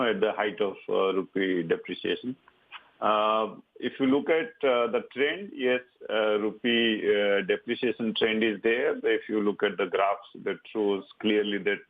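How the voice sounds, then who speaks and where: A man with an Indian English accent, a bank treasury advisor, answering on the phone with many halting fillers. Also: fairly low pitch, gravelly. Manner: hesitant, many filler sounds. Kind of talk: interview answer on currency. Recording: tinny phone line.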